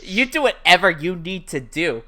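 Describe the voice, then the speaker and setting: A woman's voice: lowish voice, very animated, moderate pace, a bit bright. A woman co-hosting a casual podcast, laughing and swearing as she talks. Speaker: podcast co-host. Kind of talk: casual chat.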